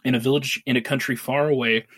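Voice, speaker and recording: A man in casual conversation as a podcast co-host, playful and quick to laugh. His voice sits in an average pitch range. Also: steady tone, fairly bright tone. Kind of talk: casual chat.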